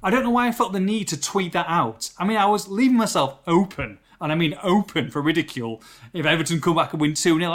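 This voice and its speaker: A man co-hosting a football podcast, telling stories in an animated, self-mocking way. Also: on the high side, fast talker. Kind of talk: casual podcast chat.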